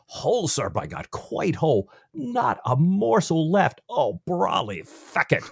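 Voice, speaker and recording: A man voicing a gruff Scottish male surgeon's mate on a sailing ship, making a halting try at the accent. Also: fairly high pitch, wildly swooping pitch, no echo, studio quality, voice pushed up, heavily acted. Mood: triumphant.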